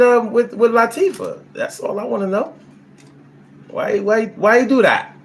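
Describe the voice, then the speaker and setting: A man's voice: extremely high pitch, unhurried. Blunt, profane man reading stream chat. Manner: blunt, profane, swings into loud animated bursts. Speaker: livestream host reading chat. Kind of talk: casual live-stream chat.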